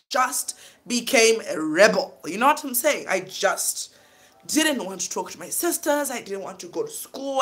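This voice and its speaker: A woman's voice: a little high, a bit bright. Emotional woman telling her story. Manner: emotional, keeps saying "you know what I'm saying". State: tearful at times. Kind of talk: personal storytelling.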